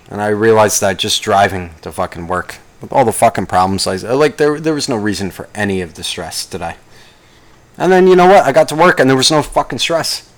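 A young man ranting casually about traffic and work, swearing constantly and rambling, now and then mocking others in a higher voice. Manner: profane, rambling, jumps into mocking high-pitched impressions. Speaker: vlogger. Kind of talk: casual rant to camera.

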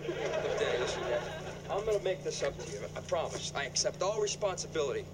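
A man's voice: a little high, lively intonation, brisk, a crowd in the background. An actor playing a brash man who coaxes a friend over a ruined car, with a pushy, joking manner. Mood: coaxing. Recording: sitcom clip with loud background noise.

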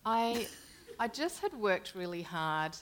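A woman's voice: medium pitch, slow, a little hiss or hum. A middle-aged woman, an interview guest, telling stories in casual chat and laughing often. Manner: animated storyteller who laughs often. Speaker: journalist.

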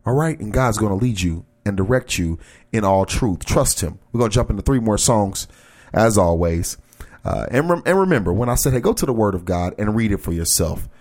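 A man's voice: on the low side, darkish tone. A man preaching an encouraging sermon, speaking earnestly and directly to his listeners and urging them on. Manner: earnest, exhorting, talks straight to listeners.

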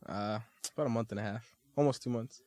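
A man being interviewed as a rapper, relaxed and slangy, laughing often. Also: medium pitch, fast talker, dry recording. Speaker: rapper, guest. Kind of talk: casual interview chat.

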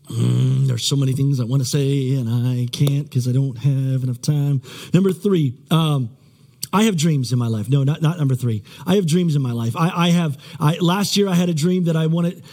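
A man's voice: on the high side, a little mellow. A male pastor preaching a sermon in a conversational, rambling way, with many restarts and self-deprecating asides.

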